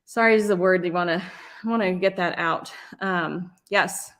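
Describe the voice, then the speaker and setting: A woman's voice: fairly low pitch, normal speed, a bit bright. A middle-aged woman hosting a live stream in a casual, rambling way, often restarting her sentences. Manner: chatty, rambling, frequent restarts. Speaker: host and life coach.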